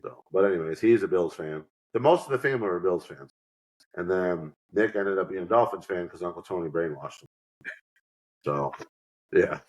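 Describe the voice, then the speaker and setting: A man's voice: low-pitched, lively intonation, normal speed, darkish tone, rough recording. A man from New York co-hosting a podcast, chatting casually and telling rambling stories, acting out the people he quotes. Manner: rambling storyteller, acts out quotes. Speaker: podcast co-host. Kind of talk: casual chat.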